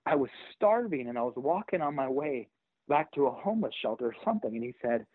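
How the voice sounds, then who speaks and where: A middle-aged man, a pastor and author, telling a personal story in an interview with animated energy, acting out the voices of the people in it. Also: mid-range voice, fast talker, slightly rough, no room sound. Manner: animated, acts out quoted voices. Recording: tinny phone-like line.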